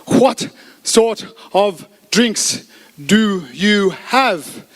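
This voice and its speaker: A man voicing a lottery-winning Irishman on holiday, with a deliberately bad Irish accent, speaking slowly and cheerily. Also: sits high, animated, long reverb tail. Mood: cheery. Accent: Irish, put on badly.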